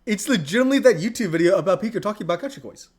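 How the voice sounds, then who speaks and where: A man's voice: high voice, expressive, very fast. A man co-hosting a podcast in casual chat, leaning heavily on "like" and teasing his co-host. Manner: lots of "like" fillers, teasing.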